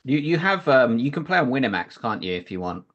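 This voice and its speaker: A man's voice: mid-range voice, big pitch swings, fairly quick, a bit bright, dull audio. A man chatting casually about poker over an online call, rambling and filling gaps with "like". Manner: rambling, leans on "like" fillers.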